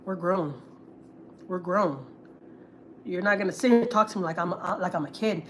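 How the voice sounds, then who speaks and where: A woman's voice: medium pitch, racing, a bit bright, a little hiss or hum. A woman from Houston, Texas, venting on a casual family vlog livestream; she is blunt and profane and repeats herself for emphasis. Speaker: family vlogger host.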